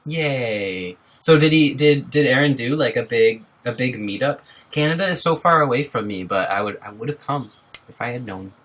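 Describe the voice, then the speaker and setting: A bubbly young livestreamer at home talks at a normal pace in an animated, medium-pitched, somewhat bright voice. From a wobbly table, he speaks into a laptop microphone, greeting viewers by name and laughing frequently.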